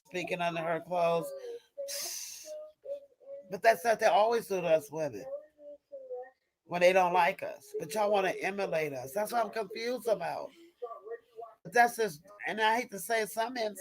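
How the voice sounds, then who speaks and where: In a poorly recorded live stream, a woman with a lowish voice answers her chat in an impassioned rant. She's a mother of young kids, and she speaks emphatically and repetitively, often stopping mid-sentence to start again.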